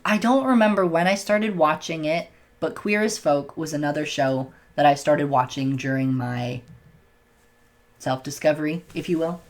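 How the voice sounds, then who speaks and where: A man's voice: a little high, normal speed. A young man talks straight to the camera in a casual vlog. He is open but a little self-conscious. He often stumbles and restarts his words. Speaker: vlogger. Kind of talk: casual personal storytelling to camera.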